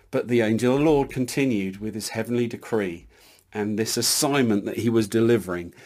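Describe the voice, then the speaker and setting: A man preaching a sermon in an earnest, emphatic way, reading scripture aloud with some small hesitations. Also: a little mellow. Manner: earnest, emphatic, builds in lifts of pitch.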